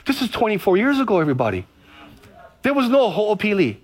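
A male pastor from Hawaii, telling stories in a lively sermon and repeating phrases. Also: high-pitched, fairly quick, pauses often. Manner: storytelling, animated, repeats phrases.

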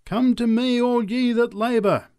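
A man doing a shrill zealous street preacher woman. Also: fairly even intonation, measured pace, smooth, dry recording, clean studio sound. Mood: ecstatic. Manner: high, loud, ecstatic crying out.

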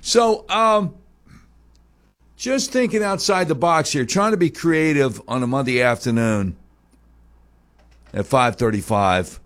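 A man's voice: a little high, takes it slowly, pauses often, fairly bright tone. A man hosting a talk show, delivering a heated, sarcastic opinion monologue full of mocking rhetorical questions.

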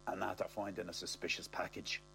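A man's voice: sits low, little pitch movement, a little fast, vocal fry, bright, forceful tone, faint music behind, voice pushed down, full character voice. A man voicing a sly old safe-cracker who talks out of the side of his mouth.

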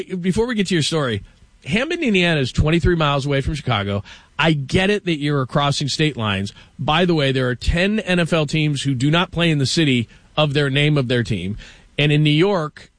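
Animated male sports-talk host. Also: fairly high pitch, no echo. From Los Angeles. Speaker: show host.

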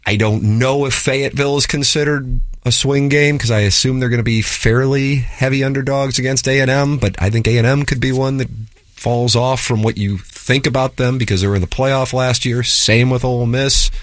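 A man's voice: medium pitch, steady tone, brisk, dry recording. A man hosting a sports talk radio show with a wry manner, reading listener texts aloud and riffing on them.

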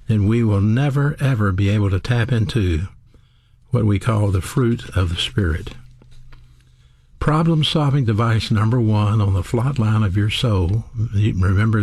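A man teaching a sermon, speaking in a measured, deliberate way and asking rhetorical questions to his listeners. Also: lowish voice, darkish tone, breathy edge, no room sound, studio quality. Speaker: radio Bible teacher.

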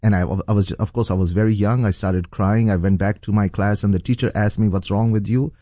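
Earnest low-voiced pastor from Pakistan. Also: male voice, fairly even intonation, a little fast, dark tone, no echo, studio quality. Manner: earnest, storytelling. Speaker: pastor, guest. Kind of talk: personal testimony in an interview.

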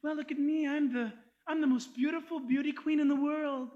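A man's voice: very high-pitched, steady tone, brisk, darkish tone, muffled recording, pitched above the performer's own voice. A man voicing a vain, self-absorbed beauty queen who preens about herself.

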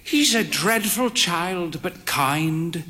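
Guy putting on a high fluttery old lady voice, frail and proud, stretching her words out all theatrical, audiobook story. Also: lively intonation, sharp tone, heavily acted. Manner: dramatic, drawn-out, grandly affected. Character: frail proud elderly woman, theatrical and sharp.

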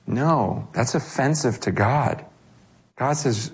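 A man with a high voice gives a conversational sermon. He keeps it loose and animated, slipping into the voices of the people he quotes. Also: a little slow. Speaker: pastor.

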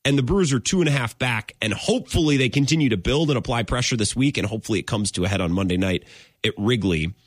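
A man's voice: medium pitch, quick pace, no echo, studio quality. A man hosting a sports podcast, talking casually and animatedly, laughing often and drifting off his point before circling back.

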